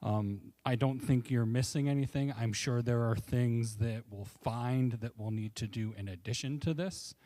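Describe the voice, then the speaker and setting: A man, a construction manager, answering a school board's questions. He speaks plainly and reassuringly and is aware of how loud he sounds. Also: medium pitch, normal speed, few pauses, no echo. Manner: plain and reassuring, self-conscious about his volume. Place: public meeting room.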